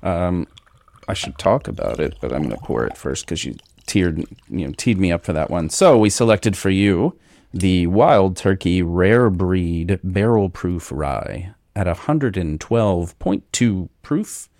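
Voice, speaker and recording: Low-voiced guy hosting a chill podcast, rambly with lots of ums, dry sound. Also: measured pace, no room sound. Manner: relaxed, rambling tasting notes with many fillers. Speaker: podcast host. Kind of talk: casual chat.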